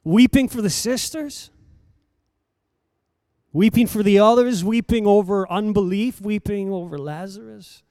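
A man preaching a sermon with dramatic delivery, dropping to hushed lines and rising to loud declarations. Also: high-pitched, unhurried, no echo, clean studio sound. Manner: dramatic, swinging between soft and loud emphasis.

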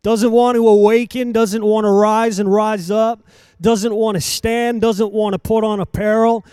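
A man preaching a sermon in a rhythmic, repetitive cadence, swinging between hushed lines and loud emphatic calls. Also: sits high, flat delivery, unhurried, clear, resonant tone, no room sound, clean studio sound.

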